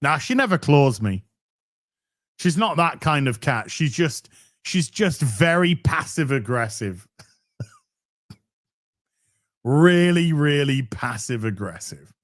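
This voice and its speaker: Man, stream host, casual chat, swears a lot, fairly high voice, very lively pitch. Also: slow, long pauses. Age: middle-aged. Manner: profane, animated, restarts phrases often. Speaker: livestream host.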